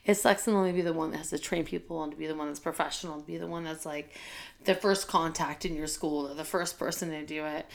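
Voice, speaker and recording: Gravelly-voiced woman telling a heartfelt story. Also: deep voice, fairly even intonation, fast. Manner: candid, heartfelt, tearful at times, many fillers. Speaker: school teacher and administrator. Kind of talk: emotional personal storytelling.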